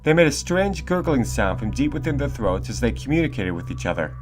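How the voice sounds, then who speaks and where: A man reading a scripted documentary narration in a steady, measured way. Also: mid-range voice, music in the background.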